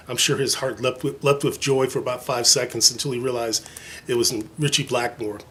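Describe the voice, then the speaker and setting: Talking at a normal speed in a mid-range, fairly bright voice with fairly even intonation, this man is a vinyl collector vlogger giving his viewers a casual show-and-tell of his records. He rambles chattily, mocks himself, and fills his speech with fillers. Slight background noise can be heard.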